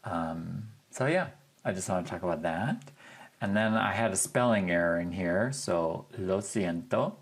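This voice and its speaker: A man teaching a language lesson over a screen share, talking in a relaxed, chatty way and thinking aloud with fillers as he goes. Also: deep voice, measured pace, slightly rough. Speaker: Spanish teacher.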